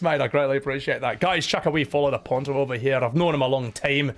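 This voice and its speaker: A man's voice: mid-range voice, a little fast. A man with a Scottish accent chatting casually on a live stream, blunt and sweary, thanking viewers between rants. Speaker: livestreamer.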